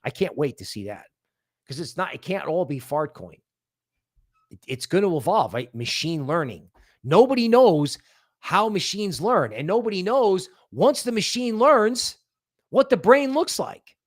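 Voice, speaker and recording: Animated sarcastic man hosting a crypto stream. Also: high-pitched, a little slow. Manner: animated, sarcastic, mock-quoting others. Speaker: crypto livestream host. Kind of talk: casual livestream commentary.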